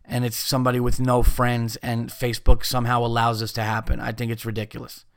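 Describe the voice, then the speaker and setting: A man's voice: medium pitch, completely flat delivery, brisk, no room sound. A man hosting a podcast, ranting in a casual, exasperated and profane way. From United States. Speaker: podcast host.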